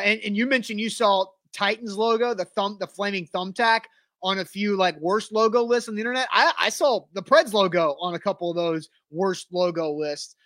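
A man's voice: high voice, sharp tone, no echo. A man hosting a sports talk show, reading a sponsor spot and listener picks in casual chat, with frequent fillers.

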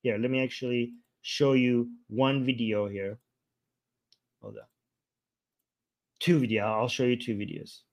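A livestream host reacts heatedly to a clip, trading insults and rambling as he screen-shares videos. His mid-range voice is gravelly and unhurried, and he pauses often.

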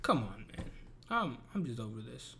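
A man's voice: mid-range voice, very animated, normal speed, pushed and bright. A man in a casual, profane rant, talking in an exasperated and emphatic way. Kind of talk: casual ranting commentary.

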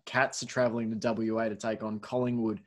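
A man's voice: on the low side, level tone, brisk. A man hosting a casual sports podcast, reading out scores with wry asides. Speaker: podcast host.

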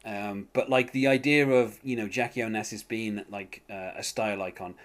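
A man's voice: on the low side, steady tone, moderate pace. Hesitant man chatting casually. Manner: hesitant, many fillers and restarts. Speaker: podcast host. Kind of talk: casual chat.

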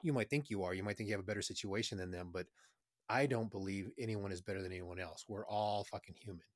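A man's voice: on the low side, quick pace, no echo, studio quality. A man, chatting casually, blunt and opinionated with heavy swearing. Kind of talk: casual crude chat.

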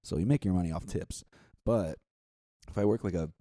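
A man's voice: low-pitched, a little fast, mellow, no room sound, studio quality. A man who works as a server, talking casually, blunt and swearing freely. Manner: blunt, profane, enthusiastic. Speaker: restaurant server. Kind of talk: casual chat.

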